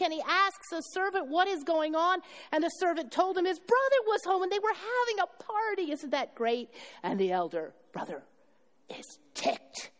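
A woman pastor delivering a sermon, retelling a story with acted dialogue and questions to her congregation. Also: a little high. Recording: long hall reverb.

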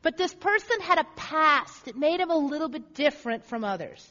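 A woman's voice: sits high, animated, moderate pace, bright, forceful tone. A woman pastor preaching a sermon in a church, earnest and repeating phrases for emphasis. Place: church sanctuary. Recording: echoey hall, dull lo-fi sound.

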